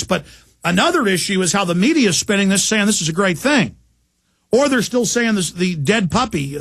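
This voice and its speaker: Man, talk radio host in studio, gravelly and fairly high, intense and rambling. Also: fairly bright tone, no room sound. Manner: intense, rambling, with impressions and laughs. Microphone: studio mic.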